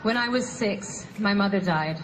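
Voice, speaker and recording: A woman's voice: mid-range voice, slight background noise, poor audio. A woman in her fifties from the US Midwest, delivering a prepared, reflective tribute speech. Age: 50s. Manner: measured, reflective. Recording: music clearly behind.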